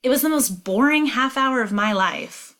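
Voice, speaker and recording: A woman's voice: sits high, expressive, normal speed, fairly bright tone, pitched above the performer's own voice. A woman reading the lines of a down-to-earth girl who teases her friend with dry, unimpressed remarks, in a storybook read-aloud. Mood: bored. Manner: dry, teasing. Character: unimpressed teasing outdoorsy girl.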